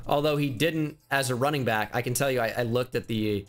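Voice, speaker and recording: A man's voice: medium pitch, brisk, few pauses, soft background music. A man giving casual commentary on his video game season, frustrated and stammering, with some swearing. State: upset. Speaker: gaming YouTuber.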